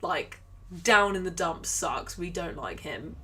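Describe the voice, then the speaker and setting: Bright chatty woman on a live stream. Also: fairly low pitch, lively intonation, takes it slowly, distant mic, a little hiss or hum. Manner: chatty, giggly, reads out viewer comments. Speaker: co-host of drum lesson channel. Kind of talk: casual live-stream chat.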